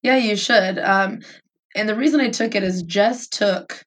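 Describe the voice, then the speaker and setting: A woman's voice: medium pitch, unhurried. Giggly rambling young woman, slightly distant. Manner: rambling, giggly, lots of fillers. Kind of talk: casual chat.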